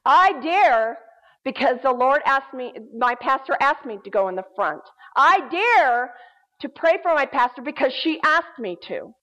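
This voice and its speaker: A woman voicing a churchwoman who firmly and loudly rebukes a demon. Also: high voice, animated, a little slow, long reverb tail. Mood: defiant. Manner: firm, emphatic, loud. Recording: dull lo-fi recording.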